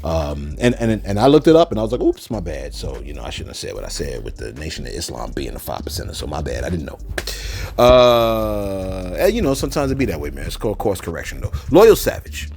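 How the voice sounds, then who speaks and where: Guy w/ doing a livestream, reading comments + preaching scripture, lively up-and-down voice. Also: deep voice, fairly quick, gravelly. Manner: loose and animated, prays and preaches with scripture. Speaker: host of a celebrity news channel.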